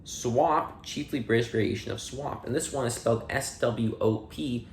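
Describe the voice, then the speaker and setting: Male reader, mid-pitched, dry and plain, reads dictionary entries in a reverberant room. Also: normal speed, a little hiss or hum. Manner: plain reading with dry asides and playful slips. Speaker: audiobook reader. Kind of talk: reading dictionary entries aloud.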